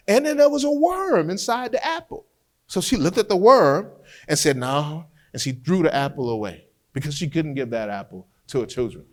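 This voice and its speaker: A man lectures on trial skills, spinning courtroom stories in an animated way. His voice sits a little high for a man. He often doubles words as he restarts a sentence. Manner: animated storyteller who repeats words as he restarts. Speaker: criminal defense lawyer teaching trial skills.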